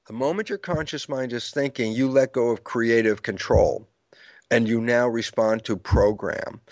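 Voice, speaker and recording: A guest author with a mid-range voice, recorded without echo, lays out his ideas in the manner of a storytelling lecturer during an interview. He performs quoted dialogue and laughs softly at his own points.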